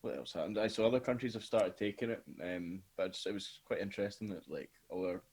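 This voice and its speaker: A man in casual podcast chat, explaining in a plain, matter-of-fact way. His voice is low and husky. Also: fast, darkish tone. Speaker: podcast guest.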